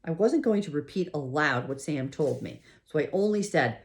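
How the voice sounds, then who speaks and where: Woman audiobook narrator, very low voice, expressive, emotional, first-person storytelling. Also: moderate pace. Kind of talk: scripted narration.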